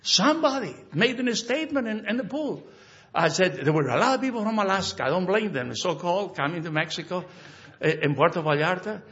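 Animated, bright-voiced male pastor preaching. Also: sits high, fairly quick, highs cut off. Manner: animated, emphatic, acts out dialogues. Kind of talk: sermon.

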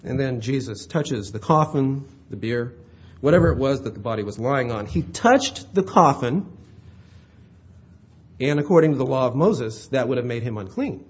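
A man's voice: mid-range voice, animated, moderate pace, slightly rough, dull audio. A male pastor preaching a sermon in a conversational way, often checking in with his listeners. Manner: conversational, checks in with "all right?".

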